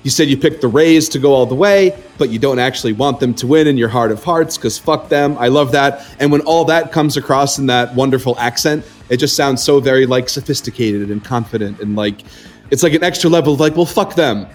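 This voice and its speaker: A man's voice: mid-range voice, a little fast, faint music behind. Gushing, enthusiastic man podcast host. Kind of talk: casual podcast chat.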